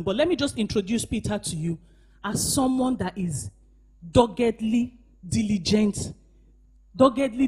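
A woman pastor preaching a sermon at a church service, moving between shouted emphasis and hushed asides and calling on the congregation to respond. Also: mid-range voice, slightly rough.

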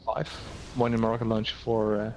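A man with a Dutch accent, chatting casually while streaming a game, excitable and prone to stammered restarts. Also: on the low side, brisk. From Netherlands. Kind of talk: casual gaming chat. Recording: dull lo-fi mic, faint noise.

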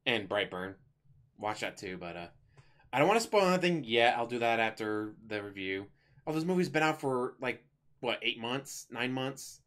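A man's voice: medium pitch, expressive, moderate pace, fairly bright tone. A man giving a casual spoken movie review, chatty and rambling, with offhand jokes as he retells the plot.

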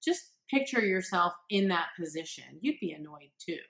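In a fairly low, animated voice with vocal fry and a fairly bright tone, a woman speaks at a moderate pace. She's a parenting coach giving parents earnest encouragement in a direct-to-camera talk, acting out the quotes she offers.

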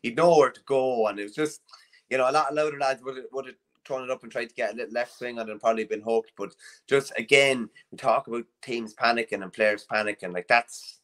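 A man's voice: medium pitch, quick pace, a bit bright. An Irish man co-hosting a podcast, chatting loosely about a match with plenty of restarts. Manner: rambling, with many restarts and fillers. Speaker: co-host. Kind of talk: casual sports analysis chat.

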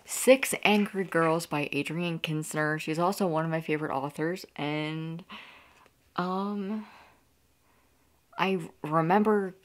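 A woman from Pennsylvania gushing excitedly in a casual book haul vlog, laughing often as she talks. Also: sits low, slow pace. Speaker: book vlogger.

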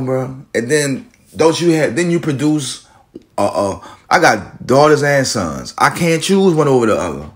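A man's voice: medium pitch, sing-song, measured pace. A man vlogging while walking down a street, giving a blunt, profane, rambling monologue.

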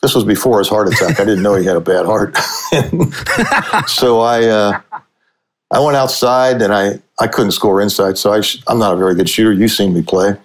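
A man's voice: lowish voice, normal speed. A man in his sixties from Cincinnati, a sportswriter guest telling stories in a casual, chuckling way. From Cincinnati, USA. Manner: chuckling, animated storyteller. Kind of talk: casual anecdotal storytelling.

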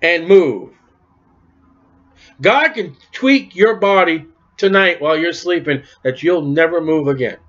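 A man's voice: fairly high pitch, a little slow, fairly bright tone, dull audio. A man preaching an informal sermon in a conversational way, acting out bits of dialogue as he goes. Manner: conversational, acts out dialogue in quoted voices.

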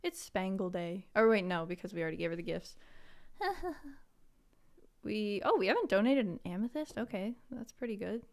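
A woman's voice: medium pitch, normal speed, a little mellow. A woman streaming a farming game live, chatting playfully with her viewers and reading their comments aloud. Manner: chatty and playful, answers chat, mock outrage. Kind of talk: casual live-stream chat.

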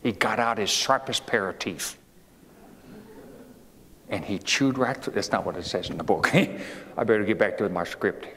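A man's voice: lowish voice, moderate pace, pauses often, fairly bright tone. A man performing a folksy 19th-century storyteller, reading a fable aloud with homespun asides and questions to his listeners, in an echoey hall. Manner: homespun, digressive, asks the audience questions. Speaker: historical reenactor as a 19th-century president. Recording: echoey hall with faint ambient noise.

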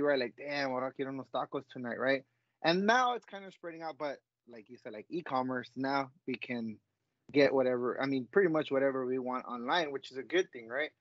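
A man's voice: medium pitch, dry recording. A man co-hosting a podcast, chatting in an easygoing, rambling way with Spanish words mixed in. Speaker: podcast co-host. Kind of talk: casual chat. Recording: dry, muffled lo-fi audio.

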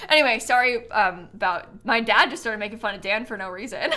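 A young adult woman chatting casually on a live stream, animated and prone to breaking into laughter. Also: a little high, a little slow, pauses often, soft background music.

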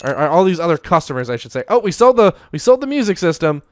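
A man's voice: sits high, sing-song, fast talker, a little mellow, no room sound. A young man giving casual, upbeat Let's Play commentary as he plays, often talking to his viewers directly. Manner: chatty, upbeat, talks to viewers as "you guys". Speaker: gaming YouTuber.

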